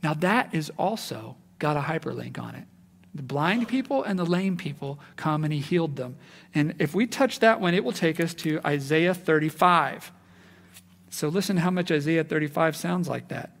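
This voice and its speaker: A man preaching a sermon in an animated way, acting out the voices he quotes. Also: fairly high pitch, gravelly, big-room sound. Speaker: pastor.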